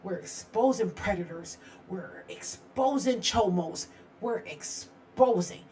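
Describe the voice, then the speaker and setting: A woman's voice: medium pitch, animated, slow, dark tone. Chatty middle-aged woman live-streaming from home. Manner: chatty, rambling, laughs often. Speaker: true-crime live stream host. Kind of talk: casual live-stream chat. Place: home studio.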